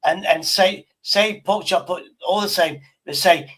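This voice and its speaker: A man's voice: high voice, measured pace, fairly bright tone, low-quality recording. A man hosting a live stream and prompting an AI chatbot, talking casually, stumbling and repeating words, with casual swearing. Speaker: livestream host.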